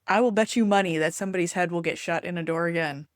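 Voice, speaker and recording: A woman co-host chatting casually on a podcast, upbeat and quick to laugh. Her voice sits fairly low and the recording is dry and close. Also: no echo. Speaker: podcast co-host and enneagram coach. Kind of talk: casual chat.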